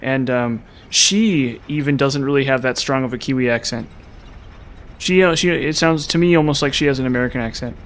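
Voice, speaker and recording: Rambling streamer with a mild Utah accent. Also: male voice, mid-range voice, fairly quick, a bit bright, slight background noise. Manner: rambling, repeats words, many fillers. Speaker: gaming streamer. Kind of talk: casual live-stream chat answering viewers.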